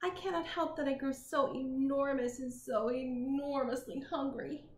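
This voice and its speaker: Woman reading as a gentle, puzzled young T. rex. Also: high-pitched, fairly even intonation, moderate pace, voice pushed up, close to an everyday voice. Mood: wondering. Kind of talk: reading a picture book aloud. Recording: roomy with faint noise.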